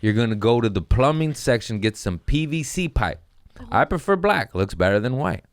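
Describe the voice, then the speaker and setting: A man's voice: mid-range voice, sing-song, normal speed, no room sound. A man hosting a comedy podcast, telling profane stories in a rambling, joking way and slipping into silly voices. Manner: profane, jokey, bursts into silly put-on voices. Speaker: comedian host.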